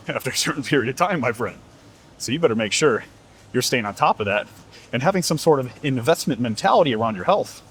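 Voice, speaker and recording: A husky-voiced man delivers a blunt, profane motivational lecture on fitness. His pitch swings widely as he talks. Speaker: fitness coach. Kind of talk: motivational monologue.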